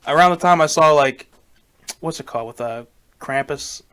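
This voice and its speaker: A man's voice: fairly high pitch, a loud crowd. A man co-hosting a podcast in casual chat, slangy and loose, often tossing in "bro" and "man". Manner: fast, slangy, peppers talk with "bro" and "man". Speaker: podcast co-host.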